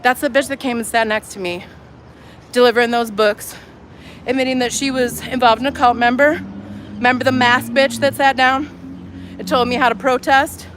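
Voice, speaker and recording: A woman's voice: fairly high pitch, fairly even intonation, moderate pace, fairly bright tone. A woman protesting in the street, arguing bluntly and swearing freely. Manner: blunt, combative, profane. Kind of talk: heated street argument. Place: outdoors by a street. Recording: street traffic noise behind.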